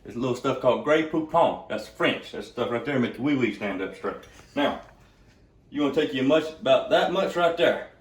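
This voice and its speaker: A man's voice: medium pitch, animated, normal speed, far from the mic. Man, brash and foul-mouthed, cooking demo, echoey kitchen, mic set back. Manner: brash, profane, joking. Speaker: cooking vlogger. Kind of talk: casual cooking demo with storytelling.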